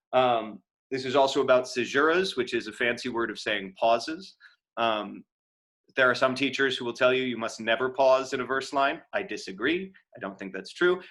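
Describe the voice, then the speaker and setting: A fairly bright, mid-range voice belongs to an American acting teacher giving a lecture via video call from a room at home. He speaks casually, with many fillers and restarts, through the video call microphone.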